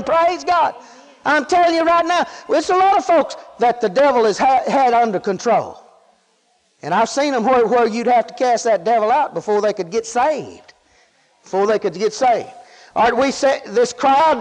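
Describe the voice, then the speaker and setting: High-voiced preacher in an echoing hall. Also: male voice, normal speed. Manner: folksy, emphatic, rhetorical questions to the congregation. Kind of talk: sermon.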